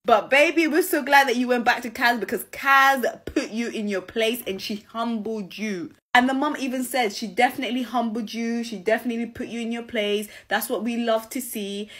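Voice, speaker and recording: A woman's voice: a little high, normal speed, hardly any pauses, fairly bright tone, slight background noise. A young woman giving casual, gushing commentary on a reality TV show and talking straight to her viewers. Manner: gushing, chatty, addresses viewers directly.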